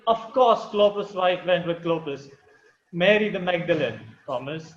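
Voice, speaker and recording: A man's voice: high voice, animated, a little slow, reverberant, highs cut off. A man as a weary desperate prophet. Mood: angry. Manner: urgent, strained, swearing. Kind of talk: audio drama acting.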